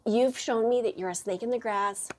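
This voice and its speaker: A woman's voice: moderate pace, a little hiss or hum. A woman hosting a casual chat, telling stories with lots of playful acted-out quotes. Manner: animated storyteller, acts out quotes in high voices. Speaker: podcast host.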